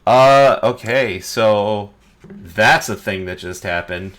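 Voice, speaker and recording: A man acting as game master, running a tabletop game in a relaxed, self-deprecating way and counting out moves aloud. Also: fairly low pitch, slow.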